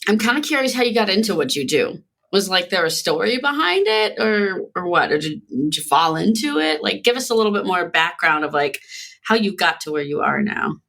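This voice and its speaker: A woman's voice: lowish voice, sing-song, a little fast, creaky, a bit bright. A woman hosting a casual podcast, asking loose, chatty questions full of fillers. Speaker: podcast host.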